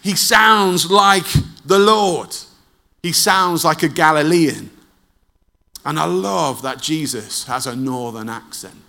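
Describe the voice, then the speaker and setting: A man preaching a sermon, telling the story dramatically and dropping low and soft at tense moments. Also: slow pace, gravelly.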